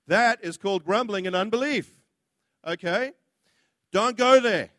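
A man with a high voice preaches a sermon in a blunt, impassioned manner, now and then acting out the words of others. The sound is dry and close, with no room echo. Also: a little slow, long pauses, fairly bright tone.

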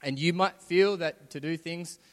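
A man's voice: on the high side, unhurried. A man preaching a sermon as pastor, talking conversationally and building to emphatic points. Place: church hall. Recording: long hall reverb.

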